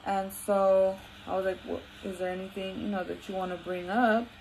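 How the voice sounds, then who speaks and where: Woman host telling a story, acts out the quotes, drops in spanish bits, mid-pitch voice, faint hiss behind her. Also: normal speed, low-quality recording. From Latin America. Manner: animated, acts out quotes, mixes in Spanish phrases. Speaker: podcast host. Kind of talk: casual storytelling.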